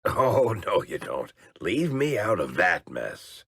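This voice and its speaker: A wry middle-aged dwarf storyteller, needling his companions with sarcastic banter. His voice sits extremely low, gravelly and husky, and he takes his time over the lines. Bone-dry game dialogue recording. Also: big pitch swings, slow pace, a bit bright, no room sound, full character voice.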